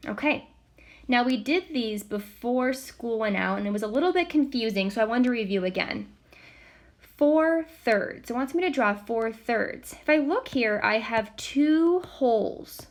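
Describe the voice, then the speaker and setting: A woman teacher walking students through a recorded math lesson step by step, patient, counting aloud softly as she works. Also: a little high, lively intonation, unhurried.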